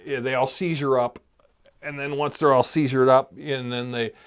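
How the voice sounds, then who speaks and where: A man's voice: medium pitch, flat delivery, normal speed, clean tone. A man co-hosting a casual podcast chat, rambling as he retells a show's plot in quoted voices. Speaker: podcast co-host.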